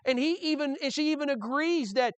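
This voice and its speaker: A man's voice: very high voice, fairly quick, no room sound. A male pastor preaching a sermon in a conversational way, with frequent restarts and rhetorical questions.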